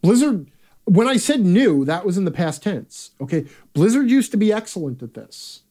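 A man's voice: high-pitched, very animated, moderate pace, warm tone. A man hosting a live chat, talking bluntly and casually with profanity and rambling asides. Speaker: host.

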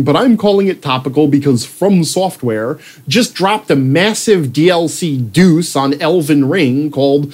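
A man's voice: a little high, a little mellow. Sarcastic man ranting through his own article. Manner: sarcastic, swearing, breaks off to joke and laugh; puts on mock voices when quoting people. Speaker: writer reading his own article aloud. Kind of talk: ranting proofread read-aloud.

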